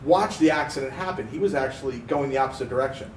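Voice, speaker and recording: Male co-host from Pennsylvania, animated storyteller, recorded off-mic in a roomy space with faint noise. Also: mid-range voice, fast talker, far from the mic. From Pennsylvania, USA. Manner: animated storyteller, acts out quoted voices. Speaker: podcast co-host. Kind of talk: casual storytelling chat.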